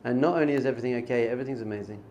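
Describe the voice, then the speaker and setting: A man's voice: mid-range voice, racing, darkish tone, highs cut off, slight background noise. A man teaching as a rabbi in an informal spiritual lesson. He talks conversationally, repeats phrases for emphasis and mixes in Hebrew terms.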